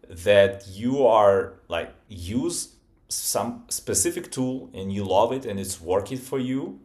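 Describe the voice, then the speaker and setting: Slow, halting male podcast host. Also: fairly low pitch. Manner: halting, with frequent "uh" fillers and restarts. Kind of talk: interview questions.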